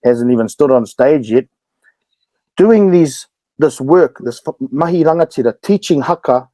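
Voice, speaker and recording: Lively man with a New Zealand accent. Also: medium pitch, no room sound, rough recording. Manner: animated, fast-talking storyteller. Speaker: podcast guest. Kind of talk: casual storytelling.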